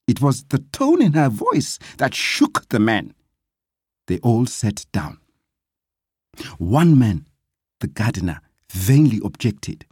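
A slow, expressive storyteller whose pitch swings widely through the tale. The voice is husky and recorded close and dry. The reading is lively and dramatic. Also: dry recording. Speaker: narrator.

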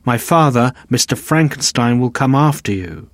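A man reading aloud as a frightened young boy who shouts back defiantly, in his own everyday voice. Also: mid-range voice, animated, moderate pace, dry recording, close to an everyday voice.

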